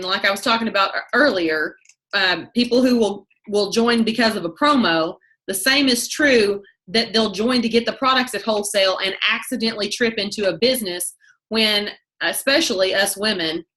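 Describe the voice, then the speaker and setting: A woman leading a team training call, talking fast in a chatty way and often breaking off mid-sentence. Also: mid-range voice, bright, forceful tone. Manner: fast, chatty, self-interrupting. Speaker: network marketing team leader.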